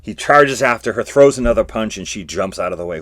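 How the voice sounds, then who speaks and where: Low-voiced man recapping a comic. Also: fairly quick, no echo, clean studio sound. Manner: casual, excitable retelling. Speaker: podcast host.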